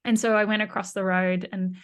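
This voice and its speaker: A middle-aged woman, speaking as an interview guest about communication, telling stories and explaining in a lively way, with frequent restarts. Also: mid-range voice, fairly quick, clear, resonant tone. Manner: animated storyteller, frequent restarts and laughs.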